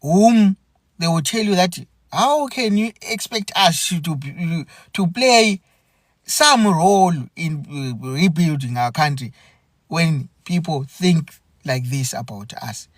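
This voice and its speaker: A man from Zimbabwe hosting a podcast, speaking an earnest, aggrieved monologue full of repeated phrases and halting restarts. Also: a little high, expressive, no room sound, studio quality. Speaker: podcast host. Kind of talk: impassioned spoken monologue.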